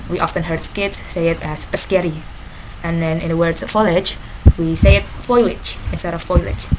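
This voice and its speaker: A young woman student presents a class project in a slightly low voice, pausing haltingly between the points she reads out. The recording is noisy and full of clicks. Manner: reads out definitions with halting pauses, saying "next" between points.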